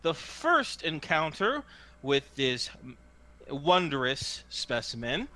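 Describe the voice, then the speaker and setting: A man voicing a slick male hawker who gives a drawn-out, grandiose sales pitch. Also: sing-song, bright, forceful tone, full character voice. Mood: persuasive. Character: slick male toad-fortune hawker, showman.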